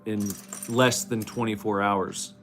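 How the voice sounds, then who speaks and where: A man's voice: lowish voice, level tone, slow, faint music behind. A man hosting a livestream, chatting casually and joking playfully. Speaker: streamer host.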